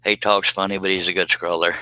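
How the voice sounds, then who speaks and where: Folksy low-voiced man. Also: little pitch movement, fast, sharp tone, no room sound, low-quality recording. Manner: rambling, folksy, laughs often. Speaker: woodworking live streamer. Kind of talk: casual live-stream chat.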